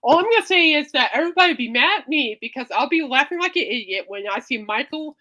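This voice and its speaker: A woman's voice: high-pitched, lively intonation, fast, pushed and bright. A woman hosting a podcast in casual chat, playful and teasing, rambling from joke to joke. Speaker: podcast host.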